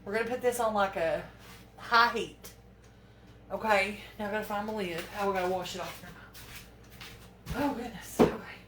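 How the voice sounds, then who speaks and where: A woman's voice: mid-range voice, normal speed, long pauses, recorded from a distance, background noise. A woman, chatting casually to viewers as she cooks in her home kitchen, fretting aloud as she fumbles. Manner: folksy, talks to viewers while fumbling and fretting. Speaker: home cooking vlogger. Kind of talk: chatty cooking demonstration. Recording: echoey kitchen from off-mic with clattering pans.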